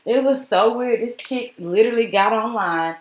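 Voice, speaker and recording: A woman's voice: a little high, normal speed, roomy sound. A woman talking casually to her viewers in a vlog, laughing often and mocking what she reacts to. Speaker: vlogger. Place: home with dogs.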